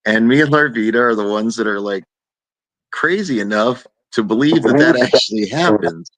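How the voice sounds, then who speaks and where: A man in casual conversation tells a rambling story at a middle pitch. He gets animated and jumps higher when he quotes other people. The sound is dry and close, with no room around it. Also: moderate pace, dry recording.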